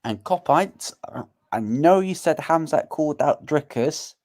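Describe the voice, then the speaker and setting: A man's voice: a little high, expressive, a little mellow. Eager man co-hosting a fight chat. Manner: eager, opinionated, quick to predict matchups. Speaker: co-host. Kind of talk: casual fight commentary chat.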